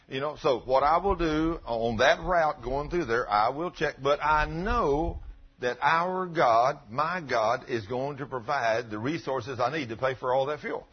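Middle-aged pastor guy, husky voice, folksy earnest sermon talk, kinda muffled lo-fi recording. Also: a little high. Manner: folksy and earnest, quotes scripture. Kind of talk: conversational sermon. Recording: dull lo-fi recording.

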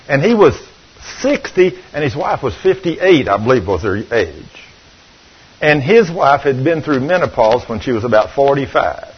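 An older man preaching a sermon, telling stories and swinging between loud and hushed. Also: medium pitch, breathy edge. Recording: dull lo-fi recording.

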